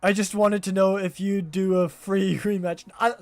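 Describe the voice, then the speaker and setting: High-voiced man streaming a game. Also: moderate pace. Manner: animated, self-critical, talks straight to viewers. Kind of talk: live gameplay stream commentary.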